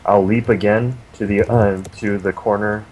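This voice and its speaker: A man's voice: fairly low pitch, darkish tone, slight background noise, rough recording. A man playing a tabletop game, talking with dry, teasing banter. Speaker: player.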